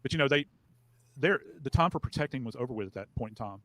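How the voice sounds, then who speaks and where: A man's voice: medium pitch, lively intonation, quick pace, background noise. An older man as an interview guest, talking casually with rambling, hesitant phrasing. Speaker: podcast host guest.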